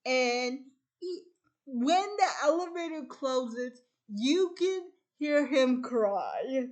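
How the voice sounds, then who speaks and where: A woman's voice: sits high, expressive, extremely slow, darkish tone. A woman hosting a chat show, casually retelling a film's plot by chaining events together with "and then.". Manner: strings events with repeated "and then". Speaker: host.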